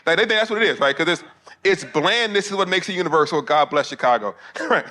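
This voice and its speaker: A man's voice: medium pitch, pushed and bright. A middle-aged man preaching at a conference, conversational and humorous, with asides to the audience. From Alabama, US. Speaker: preacher and theologian. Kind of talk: conference sermon. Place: conference hall before pastors.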